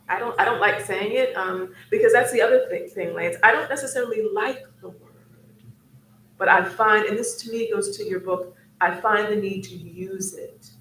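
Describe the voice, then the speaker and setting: A woman's voice: mid-range voice, a bit bright. A woman speaking as an academic on a discussion panel, thoughtful and searching, with frequent ums as she works through her ideas. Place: event hall. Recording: roomy hall with faint noise.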